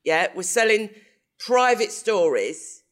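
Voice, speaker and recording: A man co-hosting a podcast in casual chat, talking in an animated, emphatic, teasing way. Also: sits high, slow pace. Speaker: podcast co-host.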